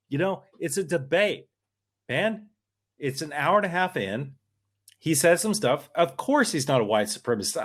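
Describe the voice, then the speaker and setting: A man's voice: fairly high pitch, sing-song, a little slow. A man co-hosting a political podcast, talking in a worked-up, emphatic and rambling way. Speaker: podcast co-host. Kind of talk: casual political podcast chat.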